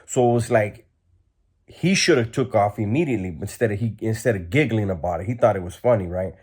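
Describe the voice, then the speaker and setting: A man with a somewhat low voice recounts a story in plain streetwise talk. He is blunt and relaxed, and he leans on fillers as he goes. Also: a little fast, breathy edge. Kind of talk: casual storytelling.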